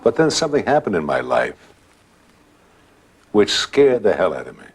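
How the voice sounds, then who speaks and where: A man's voice: low voice, very animated, moderate pace, slight background noise. A man telling a true ghost anecdote in a dramatic, conversational way. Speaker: guest storyteller.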